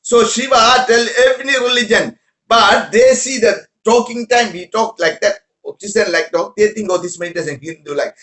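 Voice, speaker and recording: A man with a high voice gives a spiritual talk in halting, repetitive English. The sound is echoey, as if recorded in a room. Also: a bit bright. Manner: broken English, repetitive, rambling. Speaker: spiritual teacher.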